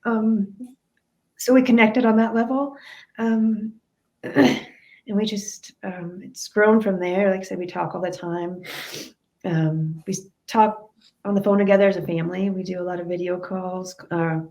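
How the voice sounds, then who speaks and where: A woman's voice: mid-range voice, fairly even intonation, a little slow, warm tone, muffled recording. A woman guest in an interview, candidly and reflectively telling her family story.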